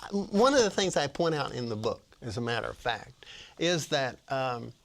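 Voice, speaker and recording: Older guy, gravelly voice, stumbles and restarts a lot, talking science as a guest. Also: medium pitch, big pitch swings, normal speed, a bit bright. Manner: hesitant, many restarts and fillers. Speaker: guest author, retired professor. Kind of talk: casual interview talk.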